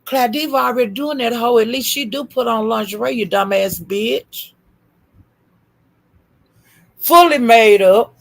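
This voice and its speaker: Woman commentator, rough fry-laced voice, nonstop cursing call-out rant. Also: fairly high pitch, moderate pace, few pauses. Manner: profane, scolding, repetitive insults. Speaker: YouTube commentator. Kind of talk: ranting commentary.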